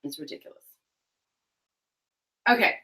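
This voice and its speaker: A young woman co-hosting a casual livestream chat, rambling and giggling, getting loud and excited as she tells stories. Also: measured pace, recorded from a distance. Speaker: livestream co-host. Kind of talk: casual chat while cleaning tack. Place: room at home. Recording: roomy echo.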